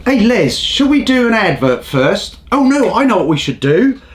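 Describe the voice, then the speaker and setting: A man hosting a show and ranting with indignant, sweary energy. His voice sits a little high and swings widely up and down as he works himself up. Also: sing-song, normal speed, slight background noise. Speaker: host. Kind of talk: ranting comedic commentary.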